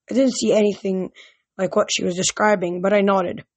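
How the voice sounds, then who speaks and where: An amateur audiobook narrator reading a first-person adventure aloud, stumbling and going back over words now and then. The voice sits at an average pitch, recorded close and dry with no room sound. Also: level tone, no echo. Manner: halting, with frequent restarts. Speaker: audiobook reader.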